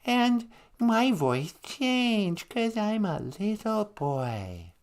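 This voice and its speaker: A man voicing a grown-up bird pretending to be a little boy, speaking slowly in a babyish, pleading way. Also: high voice, big pitch swings, pitched above the performer's own voice, full character voice. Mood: coy. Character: fake grown Big Bird, childish, sly.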